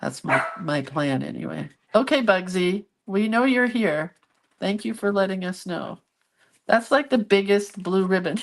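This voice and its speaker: A woman's voice: medium pitch, animated, unhurried. A middle-aged woman chatting casually to viewers while she works on a craft project, chatty and self-deprecating. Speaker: craft vlogger.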